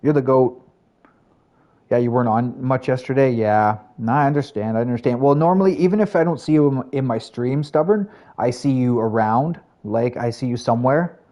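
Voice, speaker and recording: A man's voice: medium pitch, normal speed, warm tone. A man streaming live, chatting casually with his viewers in a rambling way with lots of fillers. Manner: chatty, rambling, talks to chat, frequent fillers.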